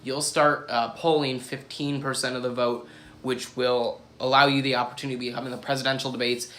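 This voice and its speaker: A man's voice: mid-range voice, level tone, a little fast, a bit bright, a little hiss or hum. A young man hosting a podcast, giving his views in a loose, rambling way, with many restarts and some casual swearing. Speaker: podcast host. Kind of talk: casual solo commentary.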